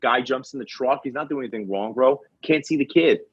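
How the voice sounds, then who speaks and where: A man who works as a firefighter telling work stories on a podcast, animated and slangy, acting out what people said. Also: mid-range voice, fairly quick, slightly rough, dry recording. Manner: animated storyteller, acts out quotes, says bro and man a lot. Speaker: firefighter and comedy video creator, guest. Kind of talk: casual podcast storytelling. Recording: dull lo-fi sound.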